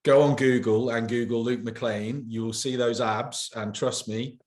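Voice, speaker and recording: A man's voice: mid-range voice, steady tone, unhurried, darkish tone. A man, the event organizer, chatting casually and joking in a promotional interview. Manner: chatty, joking, self-deprecating. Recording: roomy echo.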